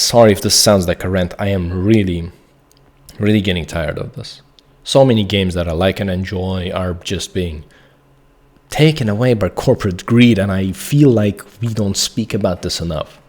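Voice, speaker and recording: Lowish-voiced guy venting at his home desk, heated and fed up, keeps saying sorry for the rant. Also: darkish tone. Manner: frustrated, heated ranting with apologies. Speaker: gaming video creator. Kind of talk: to-camera rant.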